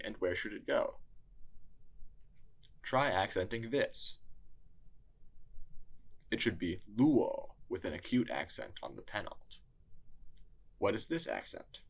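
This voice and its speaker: A man narrating a scripted language lesson in a measured teaching tone. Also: low-pitched, vocal fry, fairly bright tone, slightly rough. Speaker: tutor.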